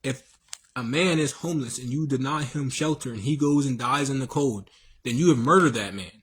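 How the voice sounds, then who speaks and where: A man's voice: medium pitch, fairly quick, breathy edge. A man hosting a livestream, preaching in a rambling, slangy way with many fillers and restarts. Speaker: livestream host. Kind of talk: casual livestream monologue.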